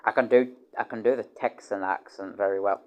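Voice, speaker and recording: On a muffled recording, a man talks briskly through a casual livestream ramble. Swearing comes easily to him, his sentences stall and restart with words repeated, and excitement sends his voice jumping loud and high.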